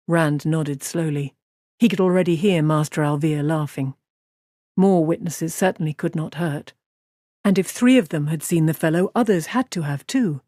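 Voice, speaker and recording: A woman narrating an audiobook in an even, measured way, her voice sitting fairly low. The sound is dry and close, with no room around it. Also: no room sound.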